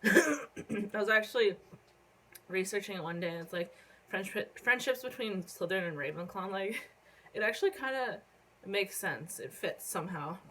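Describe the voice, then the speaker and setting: A young woman from Canada telling a casual story on her phone vlog, rambling with lots of fillers and casual swearing while she hiccups and keeps clearing her throat. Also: medium pitch, lively intonation, normal speed, fairly bright tone, low-quality recording. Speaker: vlogger.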